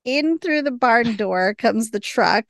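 A woman's voice: fairly high pitch, animated, slow pace, a bit bright, dry recording, clean studio sound. A woman hosting a podcast, casually recapping a TV episode, laughing often and acting out the lines. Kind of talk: casual chat.

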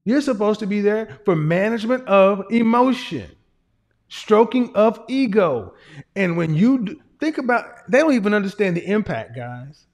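A man's voice: high-pitched, sing-song, moderate pace. A man giving casual livestream commentary in a blunt, emphatic, profane lecturing manner. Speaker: streamer and commentator.

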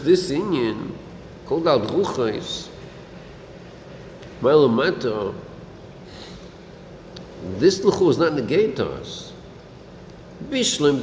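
Animated teacher man, echoey room. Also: mid-range voice. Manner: animated, questioning, mixes English with Yiddish and Hebrew terms. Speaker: Torah teacher. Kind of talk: Talmudic-style lesson with students. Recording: echoey room, faint air conditioning hum.

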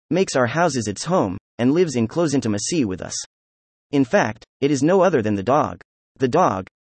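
A man reading an old children's nature book aloud as an audiobook narrator, in a steady, even storytelling manner. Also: mid-range voice, no echo. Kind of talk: scripted narration.

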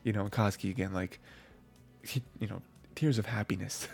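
A man's voice: fairly low pitch, steady tone, normal speed, creaky, a little mellow, soft background music. A man giving a casual, rambling review of anime episodes, full of fillers and restarts.

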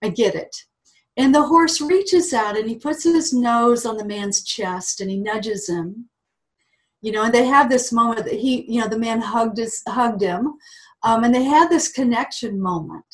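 A woman's voice: fairly high pitch, normal speed. Chatty woman telling a story. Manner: chatty, with frequent "um" fillers. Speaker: guest, animal communicator. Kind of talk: anecdotal storytelling in an interview.

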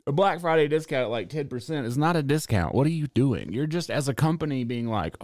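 A man's voice: medium pitch, expressive, brisk, few pauses, a little mellow, no room sound, clean studio sound. A young man streaming, ranting casually and sarcastically with plenty of swearing. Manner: sarcastic, swears freely, drawling asides. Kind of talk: casual profane rant.

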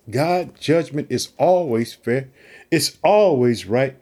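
Reading psalm verses aloud, a man preaches slowly and warmly, urging listeners he calls family to trust and pray. His fairly high voice is animated, and he repeats catchphrases between the verses in this Bible teaching talk.

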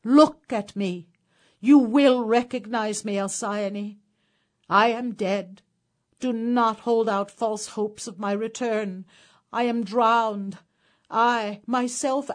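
A woman voicing a dream god posing as a drowned king, speaking slowly, solemnly and pleadingly. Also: fairly high pitch.

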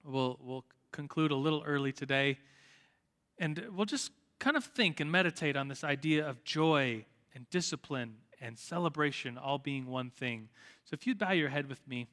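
A man's voice: mid-range voice, animated, normal speed, a bit bright, long reverb tail. A man teaching a Sunday school class in a casual, chatty way, full of "like" fillers and restarts, before leading a prayer. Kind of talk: informal church class teaching, closing in prayer. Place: church classroom or hall.

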